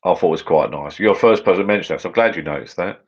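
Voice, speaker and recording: A middle-aged English man hosts a casual livestream from his garden bar, reading viewer comments and answering them in a rambling, matey manner. His voice is low-pitched, very fast, and breathy-edged, and the livestream audio is dull and lo-fi.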